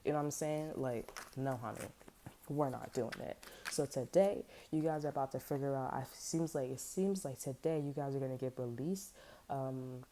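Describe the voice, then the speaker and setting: Low, mellow-voiced woman ranting bluntly. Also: moderate pace, a little hiss or hum. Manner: blunt, profane, rambling storytelling with lots of fillers. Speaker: tarot reader. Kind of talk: casual unscripted tarot chat.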